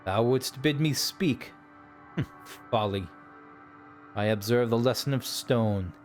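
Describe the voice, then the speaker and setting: A man voicing weary, proud ghost dragons from a video game, reciting their archaic lines slowly and solemnly. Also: medium pitch, faint music behind, close to an everyday voice. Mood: stoic.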